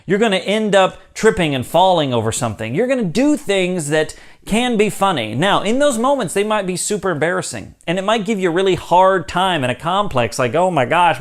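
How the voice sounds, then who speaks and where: A young man hosting his own online channel, talking casually to the camera in an upbeat way, laughing easily and acting out the lines he quotes. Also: high-pitched. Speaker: YouTube host.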